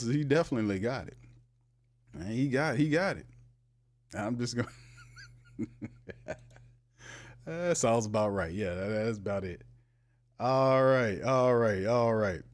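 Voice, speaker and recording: This is a man, hosting a casual sports talk show. He talks in an animated, emphatic way, and his voice jumps up high when he makes a point. He keeps cutting in with "hold on now.". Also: normal speed, long pauses.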